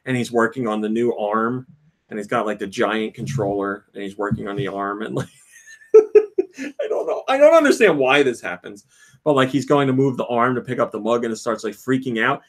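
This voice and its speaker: Animated man retelling game scenes. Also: mid-range voice, normal speed. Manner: animated storyteller, acts out game scenes with laughs. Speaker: podcast host. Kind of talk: casual podcast chat.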